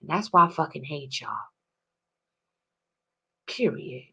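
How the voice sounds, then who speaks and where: A woman delivering an angry, profane monologue to camera, swinging between loud outbursts and low muttering. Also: animated, slow pace, breathy edge. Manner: heated, profane ranting.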